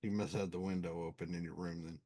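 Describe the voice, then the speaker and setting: An older man with a low voice co-hosting a casual podcast. He teases his friends bluntly and swears now and then. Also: steady tone, fast, warm tone. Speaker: co-host.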